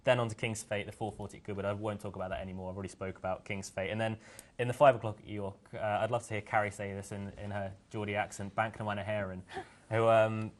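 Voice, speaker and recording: A man giving his horse racing selections in casual chat, quick and full of fillers and restarts. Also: on the low side, little pitch movement. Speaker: racing tipster.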